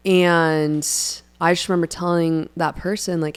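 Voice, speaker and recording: Animated young woman telling faith stories. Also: on the low side, measured pace, few pauses, clean tone. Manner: animated storyteller who acts out friends' lines. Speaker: podcast co-host. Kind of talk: casual faith chat.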